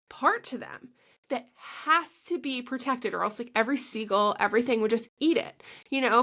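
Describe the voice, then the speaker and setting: A woman's voice: on the high side, fairly bright tone. A woman co-hosting a podcast in casual chat, chatty and gushing, filling her talk with "like" and laughing mid-sentence. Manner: chatty and gushing, heavy use of "like". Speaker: podcast co-host.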